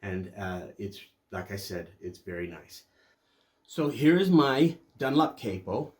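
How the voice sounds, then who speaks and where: An older man hosting a music channel, telling a personal story in a reflective, unhurried way, with pauses and restarts. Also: on the low side, big pitch swings, darkish tone. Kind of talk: casual storytelling review.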